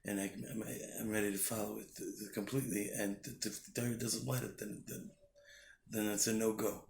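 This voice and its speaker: Brief: male rabbi, gravelly voice, earnest storyteller, roomy recording with faint hum behind. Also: on the low side, level tone, a little fast, a little mellow. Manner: earnest, restarts often. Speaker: rabbi giving a weekly Torah thought. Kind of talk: short spoken Torah talk with storytelling. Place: Jerusalem.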